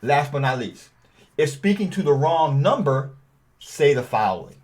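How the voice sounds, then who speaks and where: A man's voice: a little high, sing-song, moderate pace, a little mellow. A man giving a real estate training video, talking in a conversational way and reading cold-call phone scripts aloud to show tone.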